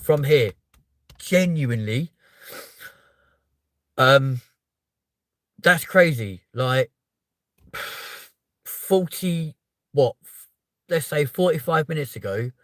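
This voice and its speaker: A man's voice: on the high side, animated, dry recording. Overwhelmed man, dry sound. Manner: sighing, halting, overwhelmed. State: emotional, close to tears. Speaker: channel host. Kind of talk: live stream talk to viewers.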